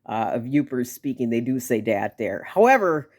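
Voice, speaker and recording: A woman's voice: rumbling low, sing-song, moderate pace, a little mellow. A woman from Milwaukee with a Milwaukee accent, chatting casually to camera in a chatty, enthusiastic way with fillers and laughs. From Milwaukee, Wisconsin. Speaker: vlogger.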